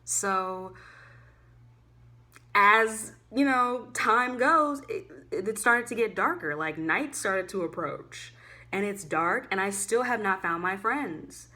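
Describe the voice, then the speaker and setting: A young woman telling a casual storytime vlog, chatty and animated, full of "like" fillers, swinging between loud and hushed. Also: medium pitch, takes it slowly. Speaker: student vlogger.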